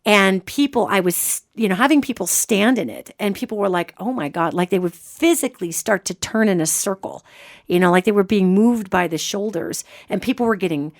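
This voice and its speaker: A woman's voice: mid-range voice, moderate pace, no room sound, clean studio sound. A woman hosting a podcast, telling a story casually and explaining things matter-of-factly. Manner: animated, explanatory, talks of spirits and energy matter-of-factly. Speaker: podcast host.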